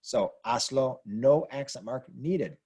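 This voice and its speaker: In a slow, medium-pitched voice that's a little mellow and slightly rough, a Spanish teacher goes over grammar on a whiteboard. He explains the rules patiently and spells words out letter by letter.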